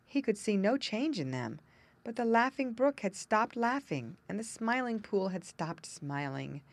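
A woman narrating a children's storybook aloud with expressive storytelling emphasis. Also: mid-range voice, measured pace. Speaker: audiobook narrator.

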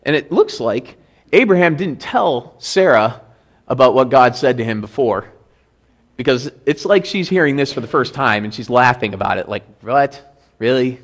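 A man's voice: medium pitch, very animated, normal speed. A male pastor giving a sermon in a church, explaining scripture in a conversational way and reading verses aloud with emphasis.

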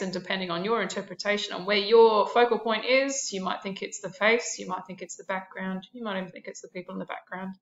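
A woman's voice: medium pitch, fairly bright tone, roomy sound, lo-fi sound. A woman art teacher narrating a classroom lesson, explaining terms and listing examples with a few fillers.

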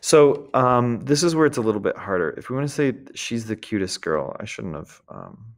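A man teaching a French grammar lesson in a casual way, often checking in with "d'accord?" and slowly modeling the words. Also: on the low side, very animated, creaky.

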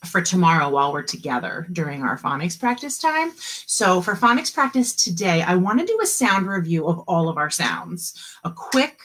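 A woman teaching an online kindergarten class, modeling letter sounds slowly and cheering the children on. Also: on the low side, sing-song, fairly bright tone. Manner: slow, encouraging, drawn-out sound modeling. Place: home, video meeting.

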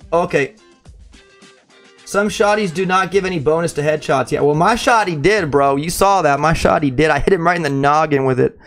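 Excitable young male gaming streamer. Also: on the high side. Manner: excitable, chatty, greets viewers, calls them bro. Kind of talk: live gameplay commentary.

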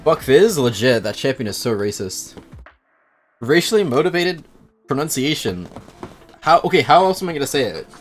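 A man streaming a video game live, talking to chat in an animated, incredulous way. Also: medium pitch, moderate pace, pauses often. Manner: animated, incredulous, thinks aloud. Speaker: gaming streamer. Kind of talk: live gameplay commentary and chat reading.

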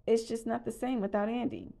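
A woman's voice: a little high, big pitch swings, fairly quick, vocal fry, warm tone, pitched above the performer's own voice, exaggerated voice. A woman reading aloud, voicing a kind, wistful male cowboy doll.

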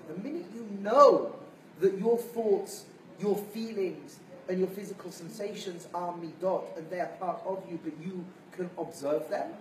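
A rabbi lectures with animated storytelling. He sounds distant in a roomy space, with a faint hiss beneath his voice. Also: sits high. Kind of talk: sermon-style lecture.

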